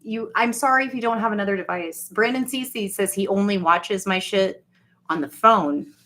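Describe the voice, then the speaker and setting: Talking straight to her viewers, a woman livestream host chats casually, rambling and swearing along the way. Her mid-range voice moves at a normal speed with a fairly bright tone and slight background noise.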